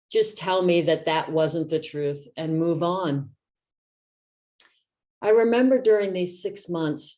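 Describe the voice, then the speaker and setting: A woman in her fifties, a meditation teacher, giving a reflective talk in a gentle, soft-spoken way. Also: lowish voice.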